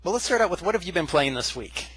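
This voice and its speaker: A young man hosts a casual podcast over a video call, talking in a relaxed, chatty way and often stumbling into restarts. His voice sits fairly high for a man. He speaks through a computer mic. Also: fast talker, slightly rough. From United States. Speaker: podcast host.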